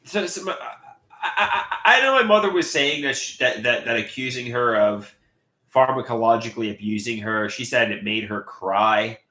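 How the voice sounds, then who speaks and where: A man live streaming and reading viewer comments aloud, talking in halting, repetitive bursts with many restarts. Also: medium pitch, lively intonation, sharp tone, roomy sound. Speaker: livestreamer.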